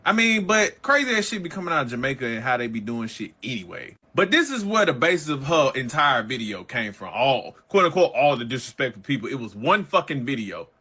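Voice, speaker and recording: A man's voice: mid-range voice, big pitch swings, brisk, few pauses, pushed and bright, husky. A man giving casual reaction commentary, ranting in a heated, profane, slangy way.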